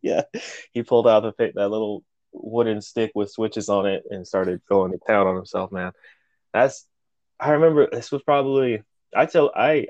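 A man's voice: on the low side, no echo, muffled recording. A man co-hosting a podcast, telling a story casually and animatedly, with plenty of swearing and acted-out quotes. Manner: animated, profane, acts out quotes. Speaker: podcast co-host.

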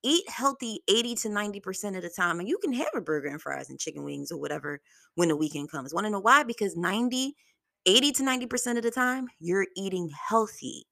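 A young adult woman hosting her solo podcast, talking bluntly and with plenty of profanity, telling stories in an animated way. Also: medium pitch, quick pace, creaky, no room sound, studio quality. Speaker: podcast host.

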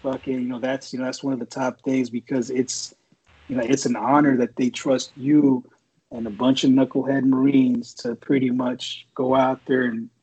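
A man who served in the Marines rambles through a war story, swearing freely, with a slightly husky voice. The audio is dull and lo-fi, like a cheap podcast recording. His tone stays laid-back and conversational. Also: mid-range voice, flat delivery, moderate pace, a little mellow. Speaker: former Marine guest. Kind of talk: casual storytelling chat.

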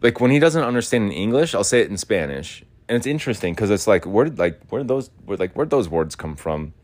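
A man's voice: on the low side, very animated, fast, a little mellow. A young man from the United States talking in a loose, rambling monologue, full of filler words and casual swearing. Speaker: podcast host.

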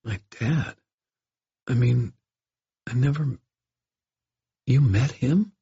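A man voicing a frightened young boy who stammers and talks quietly. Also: on the low side, moderate pace, gravelly, slightly rough, dry recording, highs cut off, voice pushed up, exaggerated voice. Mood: timid.

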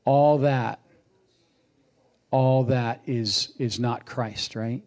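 A man preaching a sermon, unhurried and reflective, with lively acted quotes. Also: mid-range voice.

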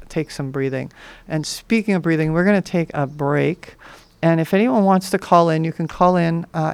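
Gravelly, smooth-voiced woman radio host. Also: low voice, darkish tone, no room sound. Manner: reflective, light laughter. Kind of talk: casual radio talk. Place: radio studio.

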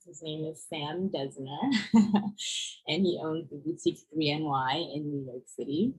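A woman's voice: sits low, husky, low-quality recording. A young woman designer telling her story in a casual podcast interview, full of fillers like "like" and "you know". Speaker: fashion designer guest.

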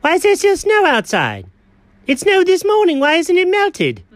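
A performer voicing an excitable, chatty male house cat who frets aloud and bursts into dramatic outcries, in a one-person comedic audio story. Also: extremely high pitch, moderate pace, dry recording, pitched above the performer's own voice, heavily acted. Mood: scheming. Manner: talks to himself, frets, dramatic outbursts.

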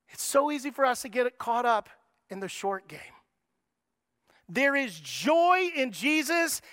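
A middle-aged man preaching a sermon, moving between lively, raised passages and soft, slow, quiet lines. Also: extremely high pitch, no room sound, studio quality. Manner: preaching with dramatic shifts in tone, acting out voices. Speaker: pastor.

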